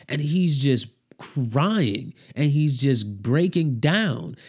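A man's voice: medium pitch, lively intonation, very slow, few pauses, a little mellow, husky. A man talking casually about a TV show, rambling and repeating himself, with heavy slang and growing emotion. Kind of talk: casual chat.

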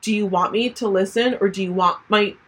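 A young woman in her twenties co-hosting a podcast, chatting casually and telling animated stories with a husky voice. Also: mid-range voice, a little fast. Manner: chatty, animated storytelling with laughs. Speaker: podcast co-host. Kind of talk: casual chat.

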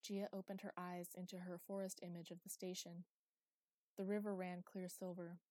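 A woman narrating an audiobook in a steady, even storytelling manner. Her voice sits low and warm, with a mellow tone. The recording is dry and close, with no room sound. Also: no echo.

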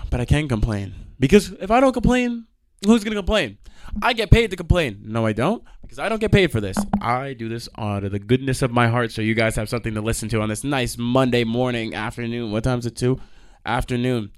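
A young man hosting a podcast, telling stories in a casual, profane rant with sudden loud outbursts. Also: mid-range voice, lively intonation, fairly quick. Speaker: podcast host.

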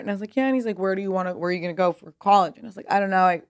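A woman's voice: on the low side, racing, hardly any pauses. A woman in her thirties from California, a guest telling stories in a casual, rambling way with lots of "like" and casual swearing. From Pasadena, California. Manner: chatty, rambling, heavy use of "like", swears casually. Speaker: guest, clothing brand founder. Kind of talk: casual interview storytelling.

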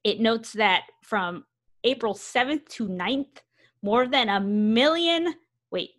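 A woman's voice: on the high side, slow, fairly bright tone. Woman podcast co-host, conversational, reads quotes with asides. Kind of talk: casual podcast chat reading news.

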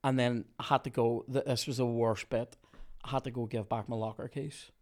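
A man hosting a podcast, telling a work story in a casual, animated way, swearing freely and laughing often. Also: mid-range voice, a little fast. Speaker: podcast host.

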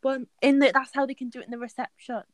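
A woman's voice: sits high, fairly even intonation, fast, dry recording. Giggly chatty woman. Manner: giggly, chatty, gives advice. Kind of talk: casual chat.

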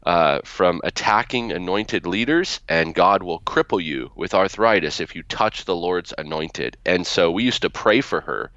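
A man's voice: deep voice, expressive, measured pace, few pauses, fairly bright tone, no echo, dull audio. A man being interviewed about his book, telling family stories in a chatty way with many restarts. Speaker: guest, author. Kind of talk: interview storytelling.

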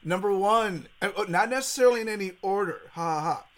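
A middle-aged man co-hosting a podcast in casual chat, excitable and rambling with many restarts. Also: high-pitched, quick pace. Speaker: podcast co-host.

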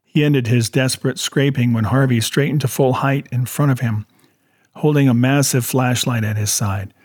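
A man narrates an audiobook with steady storytelling, voicing the characters as he goes. His slightly husky voice sits at a middle pitch and moves at a normal speed, recorded close and dry.

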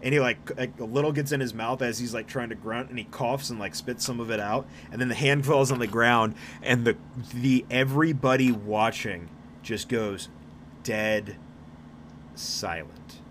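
A man's voice: mid-range voice, moderate pace, fairly bright tone, a little hiss or hum. A man narrating and running a tabletop role-playing game as game master, casual, with frequent restarts and swearing.

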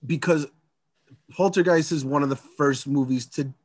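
A man's voice: fairly high pitch, moderate pace, a little mellow, dry recording. A man co-hosting a podcast, talking in a loose, rambling way and laughing often during a casual chat about a movie. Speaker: podcast co-host.

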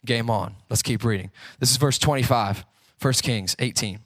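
A man's voice: medium pitch, normal speed, a bit bright, dry recording. A man preaching a sermon in a conversational way, asking rhetorical questions and acting out the quotes he tells. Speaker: pastor.

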